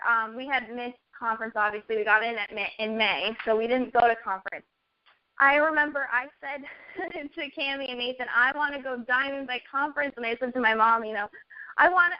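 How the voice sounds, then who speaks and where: A young adult woman in a casual chat, earnestly telling a personal story and quoting herself along the way. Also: high-pitched. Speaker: network marketing guest. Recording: dull lo-fi audio.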